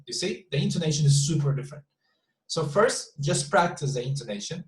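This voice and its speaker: A man teaching an online English class, his voice a little high and ringing in an echoey room. He often repeats words while he searches for the next one. He models example sentences with big, exaggerated stress. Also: a little fast. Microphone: video call.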